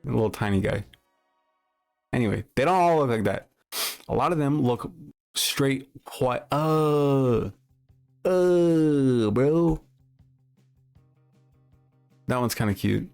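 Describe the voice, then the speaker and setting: A man's voice: mid-range voice, expressive, fairly quick, gravelly, long pauses, faint music behind. A man livestreaming, chatting loosely with his viewers and telling a rambling, swear-laden story full of restarts. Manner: rambling anecdote with profanity and frequent restarts. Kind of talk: casual livestream chat, reacting to chat.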